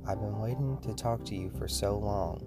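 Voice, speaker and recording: A man voicing a friendly but manipulative male voice that lives inside a boy's head, speaking quietly and raspily in a coaxing, soothing way. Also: on the low side, normal speed, lightly acted. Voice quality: quiet and raspy. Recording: music playing behind the voice.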